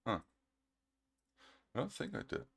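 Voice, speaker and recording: A man's voice: unhurried, a bit bright. A man from Australia, recording a casual commentary video where he answers a critic in a sarcastic, mocking tone and repeats his points. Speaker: online video creator responding to a critic.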